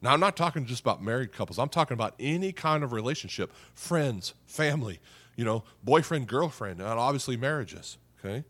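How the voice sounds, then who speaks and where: A middle-aged man preaches in a relaxed, conversational way, his voice sitting at an ordinary middle pitch. He checks in with the listeners constantly, and he lets his voice sink low and soft when the subject turns painful. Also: brisk. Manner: conversational preaching, tags lines with "okay?" and "right?"; drops softly on serious points. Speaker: pastor. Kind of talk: sermon.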